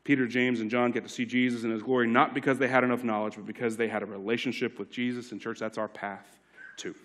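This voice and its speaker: A man as lead pastor giving a sermon, swinging from loud emphatic lines to hushed ones and repeating key lines. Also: mid-range voice, little pitch movement, fast.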